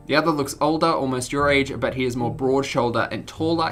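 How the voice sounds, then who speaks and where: A woman's voice: extremely low pitch, fast talker, few pauses, faint music behind. A woman streamer reading game text aloud with jokey asides, giggling and tripping over words.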